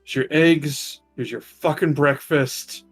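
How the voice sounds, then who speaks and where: A man's voice: on the high side, fairly even intonation, takes it slowly, husky, soft background music. A man voicing a grumpy, underpaid male gnome cook who talks curtly and swears dismissively. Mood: grumbling.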